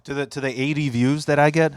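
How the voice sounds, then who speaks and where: A man's voice: on the high side, flat delivery, quick pace, clear, resonant tone, no room sound, studio quality. A man hosting a casual podcast chat in a basement, telling a rambling story with laughs, swearing and teasing his friend. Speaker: podcast host.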